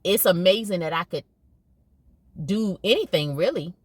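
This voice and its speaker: A middle-aged woman speaks to her audience in a casual, emphatic monologue, stressing her points by repeating them. Her voice sits on the low side, and the sound is dry and close with almost no room. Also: animated, normal speed, no echo. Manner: conversational, emphatic, repeats herself. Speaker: podcast host and educator.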